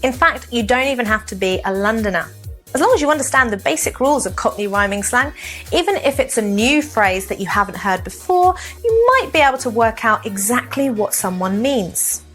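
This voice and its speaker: A woman from the south of England, giving a scripted lesson to camera in a clear, measured, explanatory way. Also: a little high, lively intonation, fairly bright tone, faint music behind. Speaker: English teacher.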